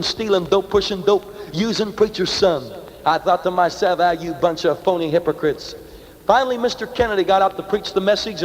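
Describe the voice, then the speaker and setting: A young man telling his life story as an evangelist's testimony, vivid and dramatic, full of slang. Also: sits high. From Canada. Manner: vivid, slangy street talk, acting out the dialogue. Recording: reverberant hall on an old vinyl record.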